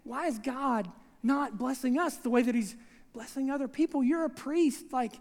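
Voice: high voice, normal speed, darkish tone. A preacher acting out an exasperated biblical wife who longs for a child, pleading and then sarcastic, in a long-reverb hall.

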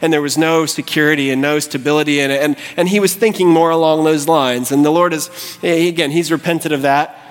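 A male pastor preaching a sermon, impassioned and rising to fervent pleading. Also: a little high. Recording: long hall reverb.

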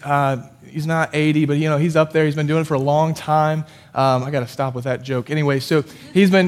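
A man delivers a sermon to his congregation in a relaxed, talkative way. His voice sits a little high for a man. He jokes at his own expense and often restarts his sentences. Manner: conversational, self-deprecating, with frequent restarts. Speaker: pastor.

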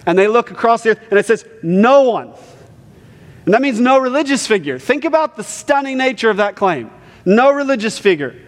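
Male preacher, high voice, chatty sermon style, long hall reverb. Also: big pitch swings, brisk. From Ohio, US Midwest. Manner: conversational preacher, often adds "right?". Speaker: pastor.

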